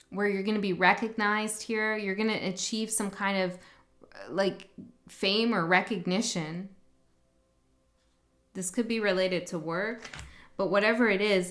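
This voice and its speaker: A woman's voice: medium pitch, fairly bright tone. A woman giving a casual tarot reading to her viewers, chatty and upbeat, often laughing mid-sentence. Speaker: tarot reader.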